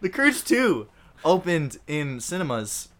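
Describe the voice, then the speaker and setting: A man's voice: on the high side, sing-song, slow pace, a bit bright. A man co-hosting a casual movie podcast, joking sarcastically and laughing often. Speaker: podcast co-host.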